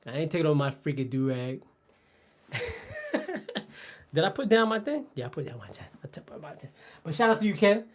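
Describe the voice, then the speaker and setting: A man's voice: a little high, wildly swooping pitch, moderate pace, long pauses. Joking man chatting on a workout stream. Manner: joking, rambling banter with chat; laughs often, trails off mid-sentence. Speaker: fitness livestream host. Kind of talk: casual live-stream chat during a workout. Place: indoors at a home workout spot.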